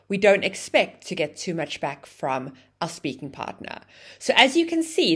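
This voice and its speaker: Lively woman teaching English grammar. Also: fairly low pitch. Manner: explaining with lively, sing-song intonation. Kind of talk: online grammar lesson.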